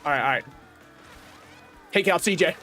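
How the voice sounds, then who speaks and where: A man streaming a racing game live, commentating with excitable, profane banter toward the other players and chat. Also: fairly high pitch, normal speed. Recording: faint game music behind.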